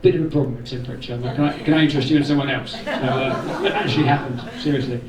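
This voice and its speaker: A man's voice: mid-range voice, fairly even intonation, fast, crowd noise. A man gives an informal thank-you speech to a gathering, rambling a little with jokey asides. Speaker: event organiser giving thanks. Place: indoor community room. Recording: roomy hall, voice from far off.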